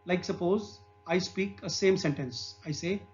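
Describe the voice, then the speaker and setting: High-voiced Indian English male lecturer. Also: darkish tone. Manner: explains slowly, repeating examples aloud with filler "okay". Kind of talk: exam-prep lecture. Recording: slightly dull lo-fi recording with faint music.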